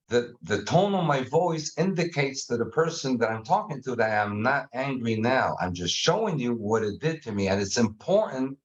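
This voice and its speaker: A man guest explaining a communication method in casual conversation, animated and acting out examples. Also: medium pitch, dull audio. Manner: animated, acts out examples with faces and sounds.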